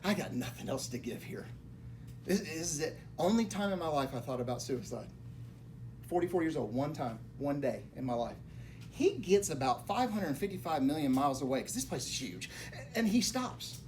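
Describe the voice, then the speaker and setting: A man giving a motivational talk to a group of realtors, telling a personal story dramatically, dropping to hushed tones and then bursting out loudly. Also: sing-song, moderate pace, slight background noise. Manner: dramatic, swings between hushed low tones and loud outbursts. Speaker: mortgage lender speaking to realtors. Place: real estate office meeting room.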